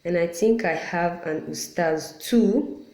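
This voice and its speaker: A woman teaching Quran letter pronunciation patiently, repeating each sound to demonstrate and pausing to apologize. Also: fairly low pitch, a little mellow. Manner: apologetic asides. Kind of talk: explanatory lesson. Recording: roomy echo.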